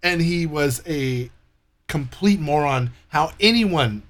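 A man in casual podcast chat, cursing freely and telling stories with animated energy. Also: a little high, slow. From Los Angeles area. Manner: profane, animated storyteller.

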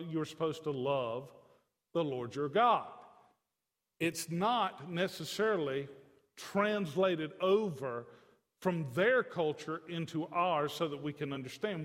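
A man's voice: on the high side, lively intonation, a little slow, fairly bright tone, in a large hall. A man preaching a sermon to a congregation, with a conversational, joking manner. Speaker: pastor.

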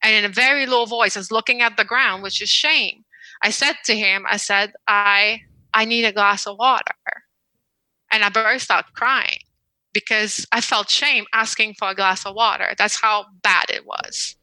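A woman guest on a podcast interview, telling a personal story in an earnest, measured way and slowing down on the words that matter. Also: mid-range voice, bright, forceful tone, no room sound, poor audio.

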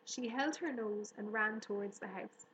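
A woman narrating an audiobook in a steady, even storytelling manner. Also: mid-range voice, moderate pace. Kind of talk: audiobook reading. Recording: roomy room echo, faint hiss.

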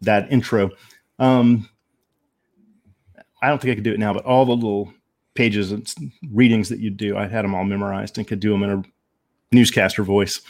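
A low-pitched man with a gravelly edge to his voice speaks as a podcast guest. He shares his story candidly, in an unhurried, reflective way, pausing often with ums. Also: flat delivery. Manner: reflective and measured, with frequent ums.

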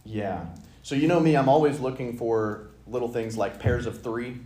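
A man leading an interactive Bible study, reading scripture and acting out the dialogue with lively energy. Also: medium pitch, moderate pace. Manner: animated, acts out dialogue in voices. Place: church meeting room. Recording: echoey room.

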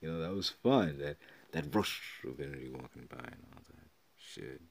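A man hosting a solo podcast, rambling and swearing as he excitedly retells old video game memories. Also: a bass voice, normal speed, vocal fry, slight background noise. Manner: rambling, profane, excited storytelling. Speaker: podcast host. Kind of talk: casual solo podcast talk.

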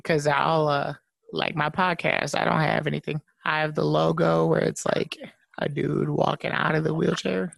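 A man's voice: on the high side, little pitch movement, moderate pace, gravelly, fairly bright tone, dry recording. A young man hosting a casual podcast chat, laid-back and swearing freely, often repeating words as he starts a sentence. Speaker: podcast host.

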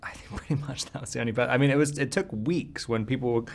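Hesitant British actor in an interview. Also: male voice, mid-range voice, fast, creaky. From Britain. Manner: hesitant, thinking aloud with ums. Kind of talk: casual interview answers.

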